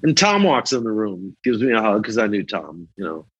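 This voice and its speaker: A man's voice: on the low side, fairly quick, slightly rough, lo-fi sound. An older man, a rock photographer, telling stories in a casual interview and acting out the people in them. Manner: animated, acts out the people in his stories.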